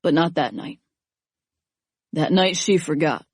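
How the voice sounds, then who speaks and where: A woman reading an audiobook voices a grieving young man, speaking softly and haltingly. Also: deep voice, lively intonation, breathy edge, no echo, clean studio sound, heavily acted. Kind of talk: audiobook character voice.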